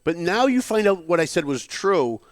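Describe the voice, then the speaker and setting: A man's voice: high-pitched, very animated, normal speed, dry recording, studio quality. A man hosting a casual talk podcast, blunt, emphatic and sardonic as he banters with his guests. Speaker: podcast host.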